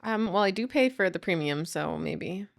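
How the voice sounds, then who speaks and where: A woman's voice: mid-range voice, lively intonation, moderate pace, gravelly, faint music behind. A woman co-hosting a podcast, chatting casually with teasing banter. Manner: teasing, laughs easily. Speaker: podcast co-host. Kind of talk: casual chat.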